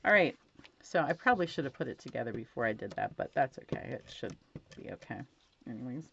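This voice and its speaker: A woman's voice: very deep voice, lively intonation, fast talker, vocal fry, a bit bright, slight background noise. A woman teaching card stamping at her craft desk at home, chatting casually and gushing over how her cards turn out. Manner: chatty, gushing over results, many fillers. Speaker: stamping instructor. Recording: dull lo-fi home recording.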